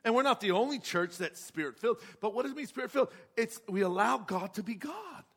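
A man's voice: high voice, animated, quick pace, fairly bright tone, husky. A man preaching a sermon with passion, asking his congregation rhetorical questions. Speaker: pastor.

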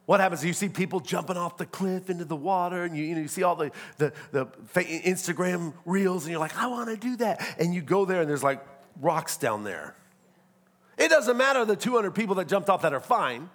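Male pastor, higher register, sermon with comic asides. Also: expressive, fairly quick, fairly bright tone. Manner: preaching with humor and acted-out asides.

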